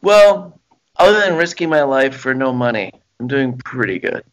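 A man's voice: mid-range voice, lively intonation, moderate pace, rough recording. A young man co-hosting a podcast in casual chat, dry, self-mocking and sarcastic. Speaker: podcast co-host.

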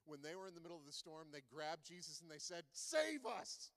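A man's voice: a little high, steady tone, fast talker, a bit bright. A man preaching a sermon in a conversational way, asking the listeners many rhetorical questions. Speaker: pastor. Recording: long reverb of a large hall.

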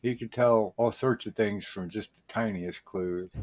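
A man's voice: lowish voice, measured pace, a little mellow. A man co-hosting a comedy podcast, explaining things in folksy, ungrammatical talk with mock authority. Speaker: podcast co-host.

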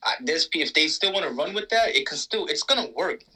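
A man co-hosting a casual wrestling chat, talking in an animated, profane, emphatic way. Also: a little high, fairly quick, breathy edge, poor audio. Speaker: podcast co-host.

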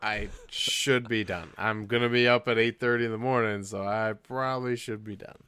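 A man's voice: fairly low pitch, fairly even intonation, moderate pace, pushed and bright, smooth. A man co-hosting a podcast in casual chat, rambling and laughing at his own stories. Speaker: podcast co-host.

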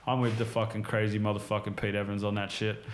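An Australian man appears as a podcast guest, rambling through casual stories while swearing constantly and packing his speech with "like" and "right?". His voice is lowish with little pitch movement and a quick pace. The recording carries a little hiss or hum and has a roomy echo.

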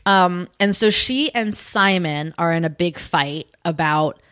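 A woman's voice: fairly low pitch, measured pace, a bit bright, smooth. A young woman co-hosting a podcast, casually recapping a TV show in a rambling, chatty way. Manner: chatty, rambling, laughs often. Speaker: podcast co-host.

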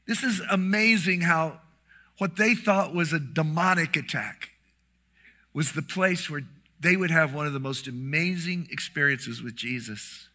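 A middle-aged man preaching a sermon, telling a story with lively animation and acting out the quoted lines. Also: on the high side, a little slow. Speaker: pastor.

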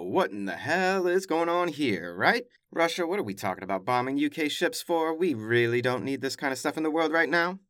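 A man's voice: mid-range voice, a bit bright, no room sound, studio quality. A man hosting a news podcast, reading headlines and commenting in a casual, emphatic way with wry asides. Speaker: podcast host.

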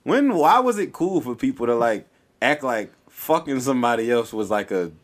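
A man's voice: medium pitch, sing-song, moderate pace. A young man on a podcast rambling through a question in casual chat, with many restarts. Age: young adult. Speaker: podcast guest.

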